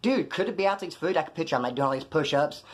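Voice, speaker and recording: A man from California rattles through his jail stories at a quick clip, his voice sitting a little high. He rambles and swears freely, and he acts out the other people in each story. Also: expressive. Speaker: storyteller recounting jail time. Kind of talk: casual storytelling.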